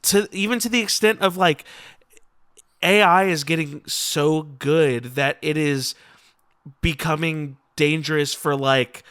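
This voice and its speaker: A man's voice: a little high, takes it slowly, fairly bright tone, clean tone. A man co-hosting a podcast, talking casually and earnestly. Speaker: podcast co-host. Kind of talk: casual chat.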